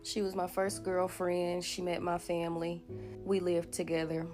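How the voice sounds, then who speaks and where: A woman's voice: fairly low pitch, level tone, moderate pace, a little mellow, faint music behind. A woman telling an earnest, reflective story to camera.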